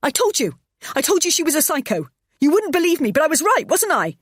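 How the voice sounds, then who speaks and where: Woman doing a hysterical young mum, shrieking pitch, close dry read. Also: very animated, a little fast, no room sound. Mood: panicked screaming. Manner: shrieking, sobbing. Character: frantic young mother, terrified, screaming.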